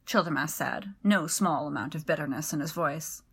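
Bright-voiced woman narrating a story. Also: low-pitched, moderate pace, hardly any pauses, breathy edge.

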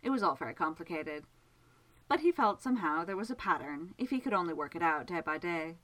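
A woman narrating a story aloud in a gentle, measured, expressive way. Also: lowish voice, low-quality recording. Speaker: reader.

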